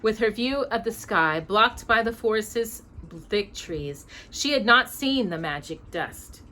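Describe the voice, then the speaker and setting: A woman reading a storybook aloud to her child in an expressive way, pausing to ask her questions. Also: fairly high pitch, slight background noise.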